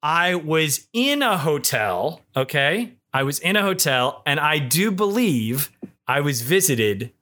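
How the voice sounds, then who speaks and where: A man from the Midwest who hosts a podcast and tells a story in an animated, jokey, profane way. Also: fairly high pitch, takes it slowly. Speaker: podcast host. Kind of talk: comedic storytelling chat.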